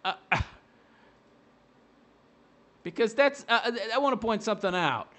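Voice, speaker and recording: A man's voice: high-pitched, big pitch swings, normal speed, a bit bright. A man giving a profane, sarcastic rant as a commentary vlogger, mocking the person he is reacting to.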